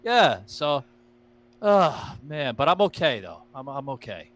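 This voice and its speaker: Bright-voiced, excitable male podcast host. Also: medium pitch, slow. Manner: rambling excitable storyteller, swears freely. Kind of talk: casual podcast chat.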